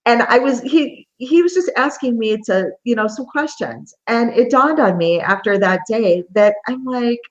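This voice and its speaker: A woman's voice: on the high side, animated, normal speed, few pauses. Woman guest coach, earnest and melodic, repeats phrases to stress them; slightly dull audio. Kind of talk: interview answers.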